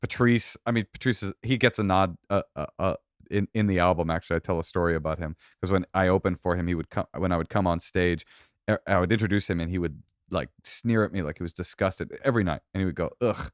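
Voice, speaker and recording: A man in his forties, a comedian guest on a podcast, talking fast with quick restarts. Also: deep voice, no echo, studio quality. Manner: fast, talky, self-correcting restarts. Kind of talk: casual conversation.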